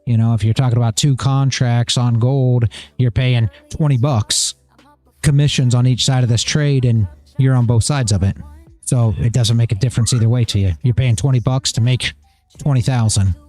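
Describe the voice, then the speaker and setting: A man's voice: medium pitch, steady tone, normal speed, darkish tone, soft background music. A middle-aged man hosting a trading livestream, talking casually in a blunt, rambling way, repeating himself and swearing.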